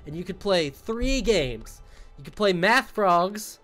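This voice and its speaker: A man's voice: high-pitched, expressive, slow, fairly bright tone, soft background music. A man chatting casually to his viewers while streaming a game, joking and rambling. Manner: jokey, rambling, talks to chat while playing. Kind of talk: casual gaming stream chat.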